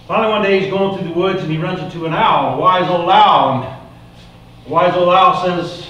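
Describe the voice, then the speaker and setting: A man telling a folksy parable as part of a sermon, in an animated, casual way. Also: high voice, normal speed, dull audio. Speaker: preacher. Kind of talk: sermon storytelling. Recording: echoey room, mic far off.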